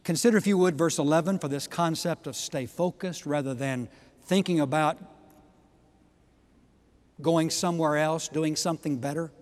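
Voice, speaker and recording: A man preaching a sermon, emphatic, swinging from quiet asides to loud exhortations. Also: on the high side, normal speed, pauses often, long reverb tail. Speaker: pastor.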